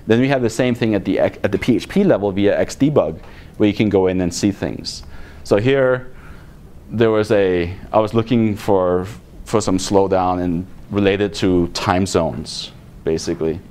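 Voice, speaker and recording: A man's voice: deep voice, a little slow, darkish tone. A man giving a technical conference talk in a blunt, exasperated manner with sarcastic asides. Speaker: conference speaker. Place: conference room.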